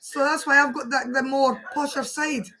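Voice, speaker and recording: A woman's voice: sits high, steady tone, moderate pace, sharp tone. A Scottish woman chatting casually as a vlogger, laughing often and trying out slang phrases. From Scotland. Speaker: vlogger reacting to a video. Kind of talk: casual chat.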